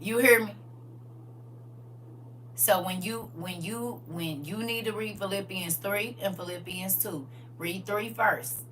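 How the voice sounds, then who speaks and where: Livestream host, a woman with a sharp, bright voice who laughs often and speaks from a distant mic with a low hum behind her. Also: slow. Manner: laughs often, repeats "listen" and "I'm trying to tell you"; drifts into gentle spiritual advice. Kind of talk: casual livestream chat.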